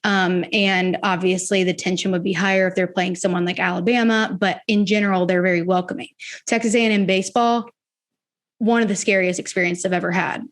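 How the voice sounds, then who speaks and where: A woman's voice: lowish voice, fairly quick. This is a young adult woman from the Memphis area, co-hosting a casual sports podcast. She tells stories with a lot of energy and slips into imitations of the people she quotes. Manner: animated storyteller, acts out quoted voices. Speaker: podcast co-host.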